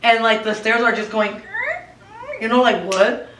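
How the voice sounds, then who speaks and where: A woman telling a scary personal story in casual chat, lively and mixing English with Spanish. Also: a little high, measured pace, slight background noise. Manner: animated, switches between English and Spanish. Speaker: co-host. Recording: roomy, recorded from a distance.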